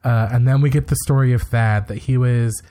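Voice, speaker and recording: A male podcast co-host gives a quick, opinionated rundown of events during a laid-back conversation, sprinkling in rapid asides. He speaks at a lively pace with an average male pitch and a loose, conversational style.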